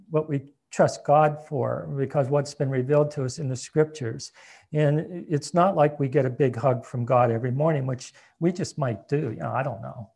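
A man preaching a sermon in a conversational way, reading scripture aloud and dropping to a soft, hushed voice at tender moments. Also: medium pitch, gravelly. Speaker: pastor.

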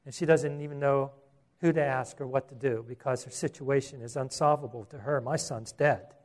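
A man's voice: mid-range voice, fairly even intonation, normal speed, a little mellow. A man preaching a sermon, earnest, with repeated words and rhetorical questions.

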